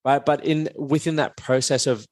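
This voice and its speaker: A man's voice: mid-range voice, fairly even intonation, normal speed, darkish tone, no echo. A man hosting a podcast as a coach, speaking frankly and reflectively with casual swearing. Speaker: podcast host, men's performance coach.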